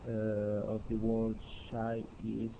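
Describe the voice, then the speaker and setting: A man student in an online English class, answering very slowly and hesitantly. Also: lowish voice. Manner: very slow and hesitant, flat delivery. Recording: tinny, noisy phone-like call line.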